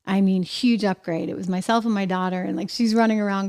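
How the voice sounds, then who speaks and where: A woman's voice: mid-range voice, a little fast, smooth. Chatty upbeat woman hosting a show. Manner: chatty, upbeat, lively asides. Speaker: show host. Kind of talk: casual monologue to camera.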